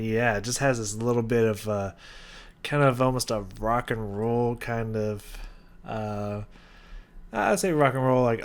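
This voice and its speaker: A young man in casual chat, reacting to a song with enthusiasm, scatting rhythms and using lots of fillers. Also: mid-range voice. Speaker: music reaction host. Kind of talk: casual music analysis.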